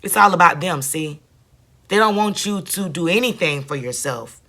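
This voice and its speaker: A woman's bright, forward voice carries her casual reaction commentary. She is blunt and sarcastic, scolding the person she watches and hammering points home by repeating them. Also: lowish voice, moderate pace. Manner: animated, repeats herself with emphasis. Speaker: video commentator.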